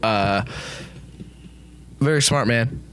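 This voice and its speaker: A man co-hosting a comedy show, casually rambling through a made-up movie pitch, laughing and swearing as he acts out the dialogue. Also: very slow, fairly bright tone, smooth. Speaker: podcast co-host pitching a movie.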